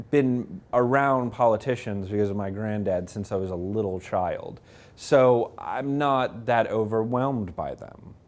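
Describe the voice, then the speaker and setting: A man, an author, telling lively self-mocking stories to an audience at a library talk, acting out the people he quotes. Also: fairly low pitch. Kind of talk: anecdotal storytelling to a live audience. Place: public library event room.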